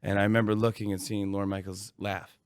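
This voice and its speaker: A male comedian guest telling stories casually, animated and laughing, acting out quotes. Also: on the low side, a little fast, no echo, studio quality. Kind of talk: casual storytelling.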